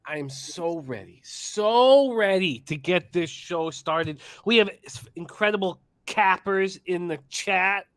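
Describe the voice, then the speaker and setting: A man with a high voice boasts and teases through casual betting-show banter, swearing as he goes. The sound is dry and close to the mic. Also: lively intonation, takes it slowly, few pauses, a bit bright, dry recording. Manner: boastful, teasing, swears freely. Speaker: co-host guest. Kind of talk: casual sports betting chat.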